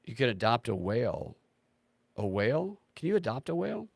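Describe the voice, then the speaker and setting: A man's voice: mid-range voice, sing-song, moderate pace, creaky, no room sound. A man hosting a livestream, talking casually in a sarcastic, ranting way and swearing freely. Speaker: livestream host.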